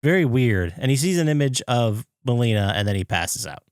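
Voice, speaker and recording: A man co-hosting a podcast, retelling a movie scene by scene and jumping into high, excited impressions of the characters. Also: a little fast, no room sound, studio quality. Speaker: podcast co-host. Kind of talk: casual movie recap chat.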